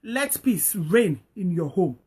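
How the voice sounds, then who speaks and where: A woman's voice: on the low side, big pitch swings, takes it slowly, a little mellow, slightly rough. A woman hosting a talk, giving earnest, repetitive marriage advice and exhorting her listeners.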